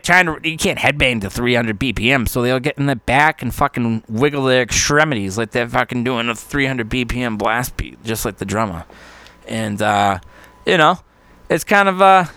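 A man's voice: medium pitch, moderate pace, sharp tone, clear, resonant tone, dry recording. A man hosting a podcast, rambling casually in a monologue, swearing constantly and laughing often. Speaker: podcast host.

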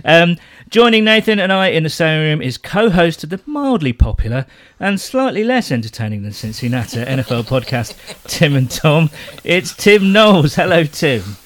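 A man's voice: fairly high pitch, big pitch swings, moderate pace, few pauses, fairly bright tone, slight background noise. A man hosting a casual podcast from a home sewing room, with playful, jokey introductions. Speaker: podcast host.

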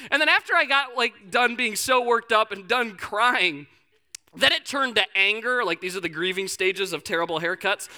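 Lively high-voiced young preacher man. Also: brisk. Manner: lively storytelling with humor and quoted voices. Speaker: pastor. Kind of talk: sermon.

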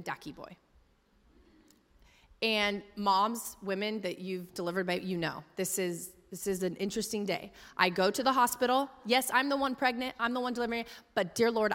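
A woman's voice: mid-range voice, a bit bright. A young woman pastor preaching a sermon in a chatty, humorous storytelling way, full of fillers, in a large church hall. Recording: long hall reverb.

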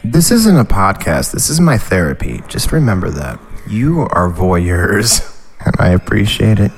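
A man's voice: fairly low pitch, huge pitch swings, moderate pace, vocal fry, husky, soft background music. A male podcast host reading a horror story aloud, breaking off into rambling, irreverent comic asides.

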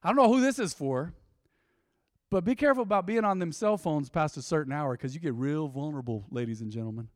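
A man preaching a sermon, swinging between loud swells and quiet, intimate drops. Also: a little high, lively intonation, fast, no room sound, clean studio sound. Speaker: pastor. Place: church.

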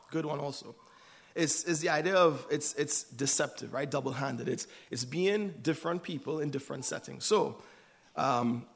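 Man, church speaker, casual sermon, raised voice with some fry, keeps asking "right?". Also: on the high side. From United States. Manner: conversational, asks "right?" often.

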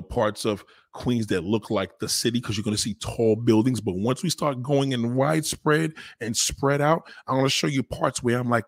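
Animated New York man, lively swearing rant. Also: mid-range voice, dry recording, studio quality. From New York City. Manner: animated, swearing, mimicking others. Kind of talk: casual profane monologue.

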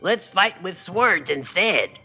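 A man voicing a cocky, boastful male spaceship captain who gloats and shouts, then pouts when he is ordered to bed. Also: mid-range voice, animated, normal speed, soft background music. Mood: gloating, shouting.

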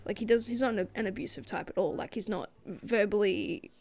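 A woman's voice: mid-range voice, fairly quick, gravelly, darkish tone. A woman co-hosting a book podcast, talking casually with lots of fillers and the odd swear word. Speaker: podcast co-host. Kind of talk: casual book-review chat.

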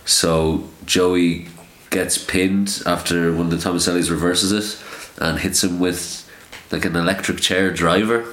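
A man with a very low voice recaps matches in a dry, casual way on a podcast. His voice echoes in the room. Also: little pitch movement, a little slow, hardly any pauses, fairly bright tone. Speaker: podcast co-host. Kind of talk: casual chat.

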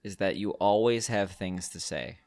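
A man co-hosting a podcast, joking and quick to laugh in casual banter over a call. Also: low voice, darkish tone. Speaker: podcast co-host. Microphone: remote call.

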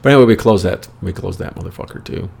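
A man's voice: deep voice, quick pace, creaky, darkish tone, slightly rough. An American man telling rambling, wry personal anecdotes with plenty of profanity in a casual storytelling style. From United States. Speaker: storyteller host.

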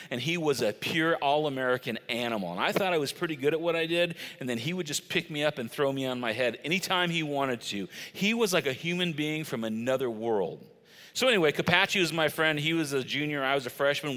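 A man's voice: medium pitch, sharp tone. A middle-aged man preaching a sermon, telling stories conversationally with emphatic stresses. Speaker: pastor. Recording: long reverb of a large church hall.

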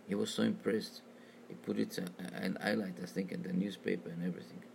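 A man telling a religious story as a sermon, talking in halting, repetitive phrases. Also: deep voice, level tone, creaky, a little mellow, a little hiss or hum.

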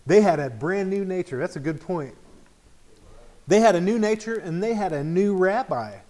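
A man's voice: high-pitched, lively intonation, moderate pace, a little mellow. A middle-aged man teaching an informal Bible study in a conversational way, often checking in with the group.

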